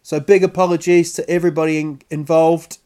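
A male comedian telling a story in a self-mocking, animated way, acting out sounds and little voices as he goes. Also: fairly high pitch, a little fast, clean tone. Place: lives in Stockholm.

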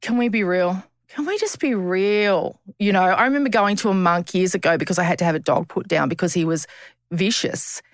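A woman's voice: on the low side, brisk, no room sound, studio quality. A woman, speaking as a podcast guest. She talks frankly and bluntly, with teasing humour and the odd swear word. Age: 50s. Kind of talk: candid conversational interview.

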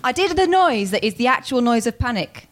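A woman with a slightly high voice trades casual banter. She teases with a dry, deadpan delivery and tells anecdotes in an easy, conversational way. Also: brisk. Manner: dry, teasing, deadpan humour. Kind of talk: casual chat.

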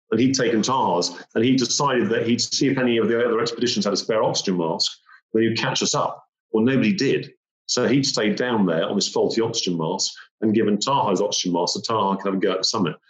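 The recording, roomy and slightly muffled, captures a man quickly telling a gripping personal story. His voice is a little low, and he acts out key moments while repeating phrases.

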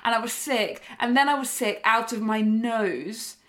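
A young woman co-hosting a podcast, chatting casually and telling stories with lively swearing. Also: on the high side, measured pace. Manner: chatty, swears freely, animated storytelling. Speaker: podcast co-host. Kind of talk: casual chat.

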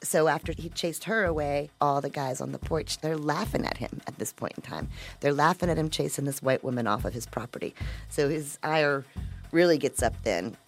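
A woman narrating a true-crime story in a measured, conversational way. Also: deep voice, soft background music. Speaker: podcast narrator.

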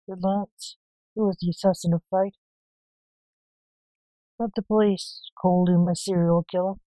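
Slow, mellow woman storyteller. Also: fairly low pitch, fairly even intonation, no echo, low-quality recording. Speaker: narrator. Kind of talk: storybook narration.

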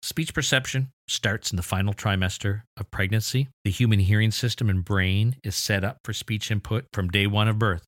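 A man with a very low voice hosts an educational podcast in a dry, close-miked recording. He explains clearly and eagerly, throwing in mildly exasperated asides. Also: fairly even intonation, normal speed, hardly any pauses, dry recording. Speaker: podcast host.

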